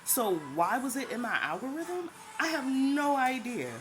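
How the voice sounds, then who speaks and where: A woman's voice: high voice, sing-song, moderate pace, a bit bright, low-quality recording. A woman telling her faith testimony as a casual, chatty personal story. She repeats herself often and laughs now and then. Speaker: vlogger sharing a faith testimony. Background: background music.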